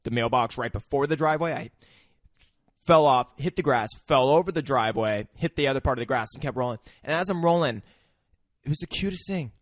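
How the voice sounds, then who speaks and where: A man's voice: mid-range voice, brisk, dry recording, clean studio sound. A man co-hosting a podcast, telling a story in a rambling way with lots of "like" and restarts. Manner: rambling, filler-heavy, laughs through his story. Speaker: podcast co-host. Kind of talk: casual storytelling chat.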